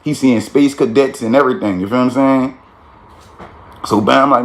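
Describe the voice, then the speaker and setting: Man, casual street storytelling, slangy and animated, keeps asking "you feel me". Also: mid-range voice, moderate pace.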